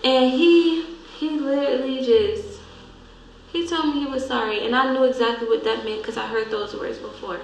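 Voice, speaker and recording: A young woman hosting a vlog, telling a painful memory in a halting, grieving way that trails off softly. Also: sits high, a little hiss or hum. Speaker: vlog host. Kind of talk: emotional storytelling. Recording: echoey room.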